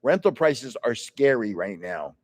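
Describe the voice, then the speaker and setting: With a medium-pitched, very animated voice and an unhurried pace, an older man hosts a casual indoor livestream in a building with another floor. His rambling, chatty stories come with a big-room sound.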